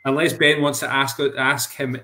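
A man's voice: mid-range voice, little pitch movement, normal speed, sharp tone. Stumbling man hosting a radio chat. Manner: stumbling, repeats words. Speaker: radio show host.

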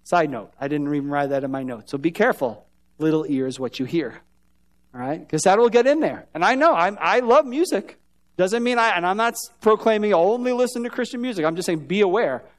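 A man's voice: sits high, expressive, fairly quick. A man preaching a sermon as pastor in a church, talking conversationally and often asking the congregation questions. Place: church sanctuary.

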